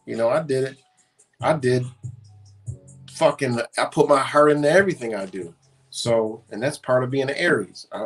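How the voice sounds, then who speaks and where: Man, casual livestream monologue, blunt and profane, mid-pitched voice, a bit off-mic. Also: recorded from a distance. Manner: blunt, profane storytelling with slang. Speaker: live stream host.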